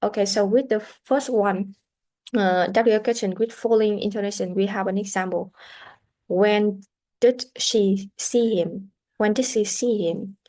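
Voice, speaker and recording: A woman teaching English pronunciation in a classroom lesson, explaining deliberately and often restarting her sentences. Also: medium pitch, fairly even intonation, mellow.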